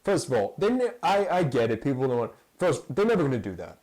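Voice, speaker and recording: A man's voice: medium pitch, big pitch swings, fast, darkish tone, low-quality recording. A man hosting a casual fan podcast, talking in a rambling, jokey way. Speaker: podcast host.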